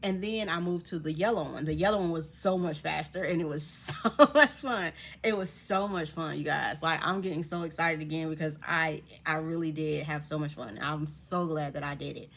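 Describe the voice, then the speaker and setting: Young adult woman, lowish register, casual storytelling vlogger; animated, laughs a lot, acts out other people's lines. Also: a little fast, hardly any pauses, slight background noise. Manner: animated, laughs often, voices others in quotes.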